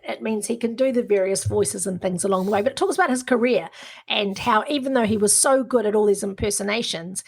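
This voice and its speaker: A middle-aged woman with a New Zealand accent, co-hosting a casual podcast chat in a lively, joking way. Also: medium pitch, breathy edge. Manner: lively, joking, quick to tease. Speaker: podcast co-host.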